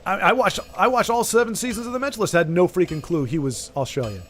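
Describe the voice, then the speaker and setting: A fast-talking man with a high-pitched, slightly bright voice and a Southern US Texan accent chats with his viewers while streaming a game, with soft background music. He rambles, lets thoughts trail off and restarts sentences.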